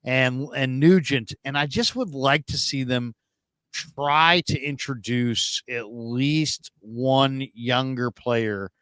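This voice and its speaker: A man's voice: mid-range voice, fairly bright tone, smooth, dry recording. A man hosting a sports call-in show, joking and rambling in casual chat. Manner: joking, rambling, playful teasing.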